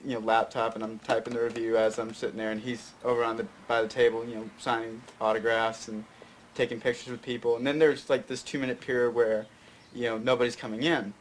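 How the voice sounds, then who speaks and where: A young filmmaker from Fayette County, Tennessee, guests on a talk show, telling a long, rambling story in a casual interview, full of fillers and restarts. His mid-range voice is level and fast, with a little hiss or hum in the audio.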